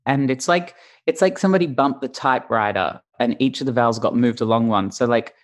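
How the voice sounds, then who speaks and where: An Australian-accented man speaks as a guest in a casual chat. His voice sits in a middle pitch. He explains things in an articulate, playful way. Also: fairly quick.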